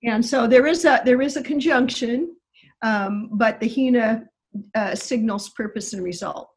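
A woman with a somewhat high, husky voice explains the grammar of a Greek text. She talks in a careful, technical way. Her sentences often stop and restart. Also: measured pace. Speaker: biblical Greek scholar. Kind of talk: explanatory interview talk.

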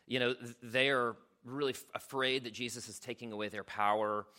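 Man, pastor, sermon, earnest, conversational, hushed asides, mid-pitched voice. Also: fairly even intonation, fairly quick. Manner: earnest, conversational preaching with frequent "right?" asides.

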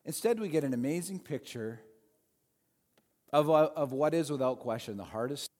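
A male pastor preaching a sermon, with animated delivery that swings between loud emphasis and quiet asides. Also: a little high, normal speed, big-room sound. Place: church sanctuary. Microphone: handheld or headset mic with feedback.

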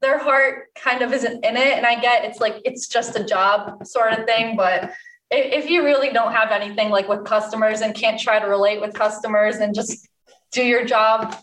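A woman's voice: on the high side, steady tone, moderate pace, fairly bright tone, a little hiss or hum. A young woman, a bartender, telling a story in casual chat, laughing often and chatty with fillers. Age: young adult. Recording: echoey room from a distance.

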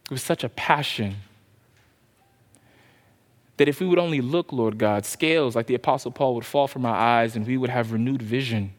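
A male pastor preaching a sermon with passion, then leading a soft, slow prayer. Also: mid-range voice, in a large hall.

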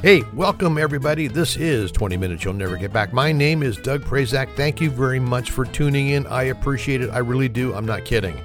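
A man's voice: mid-range voice, expressive, fairly quick, few pauses, over music. A man hosting his own podcast in a casual comedic monologue, chuckling at his own dad jokes in his morning voice. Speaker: podcast host.

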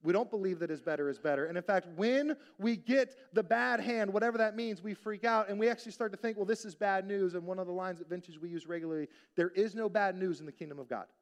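Casting note: man with a high voice, pastor preaching a sermon, chatty, asks the room questions. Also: fast talker, hardly any pauses. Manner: conversational preaching, rhetorical questions, acted-out quotes.

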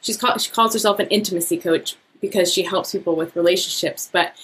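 A woman talking as a podcast guest, upbeat and animated, laughing often. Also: lowish voice, fast, a little hiss or hum, poor audio. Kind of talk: casual podcast conversation.

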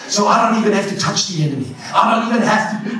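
A man preaching a sermon, impassioned and often shouting. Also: sits high, animated, fast. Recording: echoey church hall from far off.

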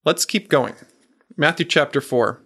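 A married man preaching a sermon, earnest and emphatic, slowing down and questioning the audience. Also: on the high side, a bit bright.

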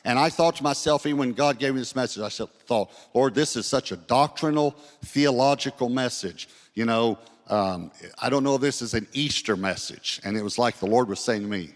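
Preaching man in a reverberant church. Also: mid-range voice. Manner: storytelling, slows down to read scripture. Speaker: pastor. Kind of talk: sermon. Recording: long hall reverb.

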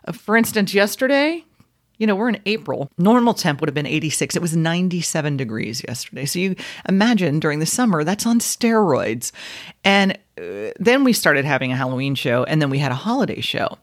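A woman's voice: sits low, very animated, fairly quick. A middle-aged woman hosting her own podcast, telling embarrassing stories in a casual, self-mocking way and laughing at herself. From South Florida. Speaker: podcast host, former radio personality. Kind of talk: casual storytelling monologue.

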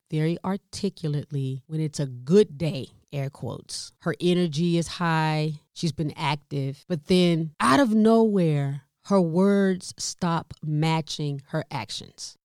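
Southern American woman in her 50s, low-pitched, animated storyteller, dry close sound. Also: no room sound. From Southern United States. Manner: lively storytelling with asides and laughs, addresses listeners as y'all. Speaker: podcast host and caregiver. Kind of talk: candid caregiving talk.

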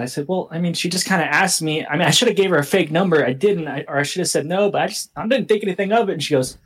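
Brief: young male podcast co-host, husky, animated and profane in casual storytelling. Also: on the high side, fast talker, few pauses. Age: young adult. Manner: animated, swearing, laughs through his story.

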